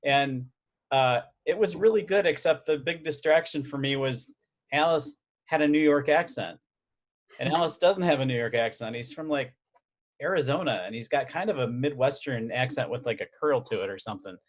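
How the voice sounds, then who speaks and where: A man's voice: medium pitch, moderate pace. Rambling, joking male podcast host. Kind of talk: casual chat.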